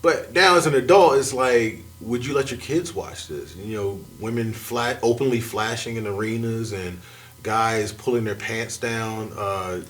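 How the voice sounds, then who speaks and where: A man chatting as a guest on a talk show, animated and laughing often. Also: fairly low pitch, a little slow. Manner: animated, laughs often, jumps between thoughts. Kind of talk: casual chat.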